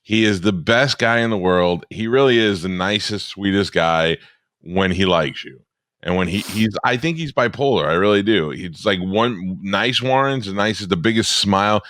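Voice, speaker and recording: A man's voice: on the low side, normal speed, fairly bright tone, dry recording, clean studio sound. A man who hosts a radio show, chatting casually on a podcast and telling long, profane, rambling stories.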